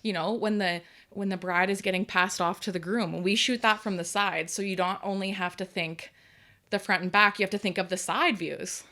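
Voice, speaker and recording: Animated woman podcast co-host. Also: medium pitch, normal speed. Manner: animated, filler-heavy, agreeable. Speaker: podcast co-host, wedding photographer. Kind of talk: casual chat.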